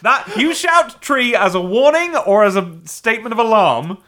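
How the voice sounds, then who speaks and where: Ein Mann mit britischem Akzent, der als Co-Host locker über einen Film plaudert. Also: male voice, sits high, normal speed. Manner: animated, jumps into shouted mock quotes. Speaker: podcast co-host. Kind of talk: casual film discussion.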